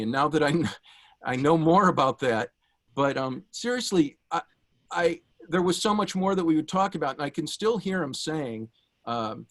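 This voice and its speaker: Middle-aged man giving a heartfelt tribute. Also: a little high. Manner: warm anecdotal delivery with frequent uh fillers. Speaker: guest speaker giving a tribute. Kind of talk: prepared tribute speech.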